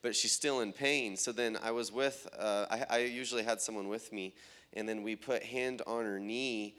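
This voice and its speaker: A man telling testimonies of prayer meetings and healings, often quoting people in a raised, excited voice. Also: on the low side, moderate pace. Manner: animated retelling, quoting others in raised voice. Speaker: traveling minister. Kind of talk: testimony storytelling.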